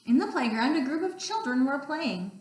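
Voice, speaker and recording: Woman teacher, storytime read-aloud, slow, echoey room, distant mic. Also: high-pitched. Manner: expressive, with playful roars. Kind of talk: reading picture books aloud. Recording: roomy sound, distant mic.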